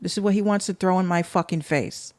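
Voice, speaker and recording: Bronx woman ranting on her podcast, cussing and sarcastic, lowish voice, dry close sound. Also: brisk, darkish tone, dry recording. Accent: New York (Bronx). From the Bronx, New York. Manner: blunt, profane and sarcastic, talking straight to listeners. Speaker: podcast host. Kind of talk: casual podcast rant.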